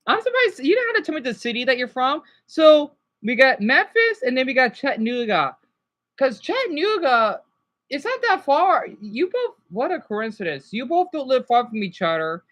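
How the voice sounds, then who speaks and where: A woman's voice: sits high, very animated, normal speed, a bit bright. A woman streaming live and chatting casually with her viewers.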